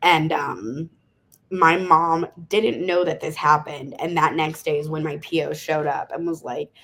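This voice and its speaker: A woman in her thirties tells a candid story as a podcast guest, often breaking into laughter. Her voice is husky and breathy. It sits on the lower side for a woman. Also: measured pace. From Las Vegas, USA. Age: 30s. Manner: laughing often through a frank, animated story.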